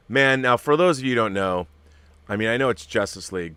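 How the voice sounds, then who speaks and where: A man hosting a casual live-stream show and answering viewer messages. He is excitable and swears often, dropping to near-whispers and then bursting out loud. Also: medium pitch, a little fast, a little hiss or hum.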